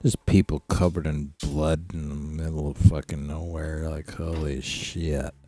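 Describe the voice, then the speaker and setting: A man's voice: rumbling low, level tone, unhurried, dark tone. A man from Saskatchewan streaming a game live, talking bluntly, swearing freely and chatting to his dog. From Saskatchewan, Canada. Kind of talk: casual live gameplay commentary.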